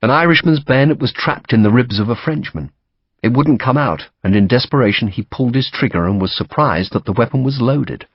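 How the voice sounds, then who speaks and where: A man reading a novel aloud as audiobook narration, steady and dramatic. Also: medium pitch, a little fast, breathy edge, no room sound, dull audio.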